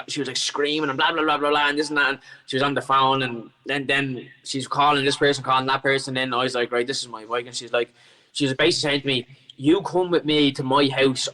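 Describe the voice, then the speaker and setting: A man's voice: mid-range voice, pushed and bright, low-quality recording. An Irish man on a podcast as a guest, telling a long story in casual chat, rambling with plenty of swearing and restarts.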